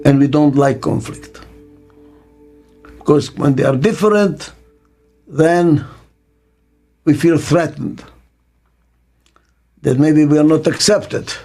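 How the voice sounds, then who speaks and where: This older male business consultant takes his time answering interview questions on camera, pausing often. His voice is slightly high with a dark tone, faint music plays in the background, and he favors short, emphatic lines and rhetorical questions.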